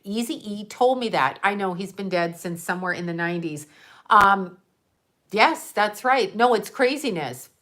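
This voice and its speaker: A woman talking casually to her livestream viewers. She rambles from one thing to the next with quick asides and frequent laughter, playful and animated throughout. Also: mid-range voice. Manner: playful and animated, jumping between topics. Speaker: livestream host reading viewer comments.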